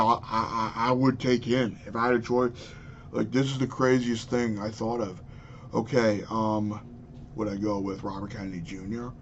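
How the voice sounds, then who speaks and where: A man's voice: lowish voice, muffled recording, slight background noise. A man in his twenties ranting angrily and profanely about politics into his webcam. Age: 20s. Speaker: vlogger. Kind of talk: political rant.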